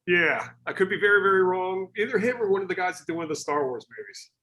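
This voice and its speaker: A man's voice: high voice, expressive, quick pace, sharp tone. A man talking casually as a guest over a video call, hesitant, with many restarts and fillers, earnest in tone. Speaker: podcast guest.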